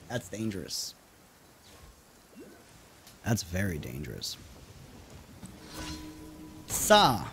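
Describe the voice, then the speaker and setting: This is a young man with a New York City accent, talking through a live gaming stream. His voice sits a touch high and swoops up and down with a lot of life. He rambles casually to chat and yells at the game whenever things go badly. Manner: chatty, reacts loudly to gameplay.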